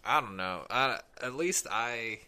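A comedian man chatting as a podcast guest, his voice bright and his pitch lively. He delivers wry, deadpan jokes. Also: measured pace. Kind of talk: casual comedic chat.

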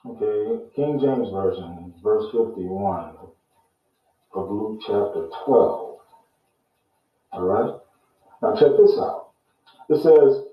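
A man hosts his own show and teaches on scripture in an unhurried, deliberate way, going back over phrases to drive them home. His voice rings around a very reverberant room, and the sound is dull and muffled. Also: on the low side, lively intonation, recorded from a distance. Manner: slow, deliberate, repeats phrases for emphasis. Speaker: host and Bible teacher. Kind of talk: casual Bible teaching.

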